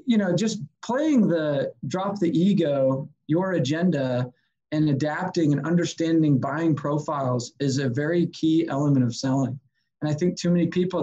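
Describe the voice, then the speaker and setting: A man, a sales consultant guest, telling stories in a casual, energetic way and acting out the people he quotes. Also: on the high side, lo-fi sound. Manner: energetic, animated, acts out quotes. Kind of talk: casual storytelling.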